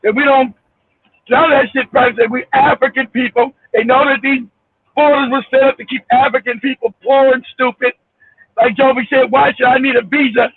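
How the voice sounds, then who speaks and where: A man hosting a casual livestream from his car, ranting loudly and profanely, laughing and shouting as he tells a story. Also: extremely high pitch, fairly even intonation, fairly quick, slightly rough. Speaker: show host. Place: car, driving. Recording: tinny phone line with faint hiss.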